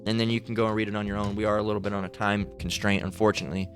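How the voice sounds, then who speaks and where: A man's voice: fairly low pitch, flat delivery, rapid-fire, soft background music. A man preaching heatedly, stumbling and restarting often as he builds to fiery peaks. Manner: fiery, repetitive, with many restarts.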